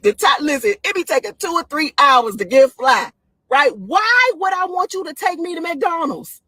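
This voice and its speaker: A woman talking casually on a live stream, excitable and laughing often, her voice swooping up high. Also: normal speed, no echo. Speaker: live-stream host giving dating opinions.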